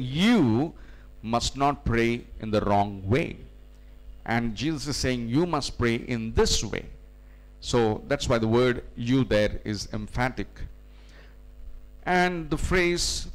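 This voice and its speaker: Man preaching an explanatory sermon. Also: mid-range voice. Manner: teaching, explanatory, frequent "you know" fillers. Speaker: pastor.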